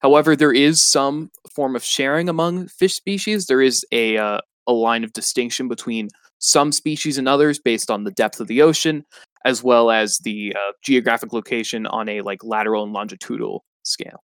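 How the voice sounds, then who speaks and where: A man voicing a learned old snailfish who explains things in a measured way with many pauses. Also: mid-range voice, a bit bright, clear, resonant tone, no room sound, natural voice. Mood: lecturing. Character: learned old male snailfish, knowledgeable and calm. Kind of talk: comedy podcast role-play.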